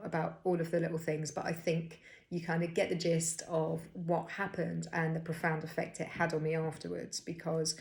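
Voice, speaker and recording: A young woman talks through her own experience in a loose, rambling vlog manner. Her voice sits low with a gravelly fry, and she speaks candidly, doubling back on herself often. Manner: rambling, frank, with restarts and fillers. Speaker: vlogger telling her birth story. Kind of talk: casual personal storytelling.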